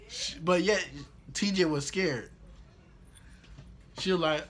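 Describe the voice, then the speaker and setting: Animated young man telling a slangy story. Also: sits high, slow, long pauses. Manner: slangy, animated retelling with acted-out quotes. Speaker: vlogger. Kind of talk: casual storytelling.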